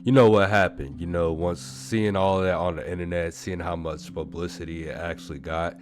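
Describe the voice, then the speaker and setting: A man's voice: low voice, fairly even intonation, moderate pace. A man giving reaction commentary, breaking down clips and mocking quoted lines. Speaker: commentary youtuber. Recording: loud background music.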